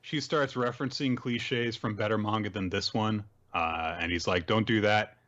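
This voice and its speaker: Low-voiced man recapping comics. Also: fairly even intonation, moderate pace, a bit bright, lo-fi sound. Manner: chatty summarizing, acted quotes, frequent laughs. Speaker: podcast co-host. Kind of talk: casual chat recapping manga.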